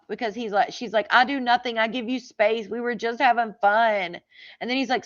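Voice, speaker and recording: A woman with a fairly high voice talks through a true crime case in a loose, chatty way, leaning on "like" and tossing in disbelieving asides as she reads messages aloud. The audio is slightly dull and lo-fi. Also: fairly even intonation, brisk. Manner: chatty, says "like" a lot, incredulous asides. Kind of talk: casual true crime chat reading texts aloud.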